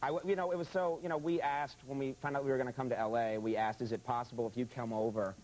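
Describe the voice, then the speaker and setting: A man's voice: mid-range voice, steady tone, fast talker, darkish tone. A man hosting a talk show, bantering with a guest in joking, mock-pompous asides. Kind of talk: casual interview banter. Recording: noisy television studio audio.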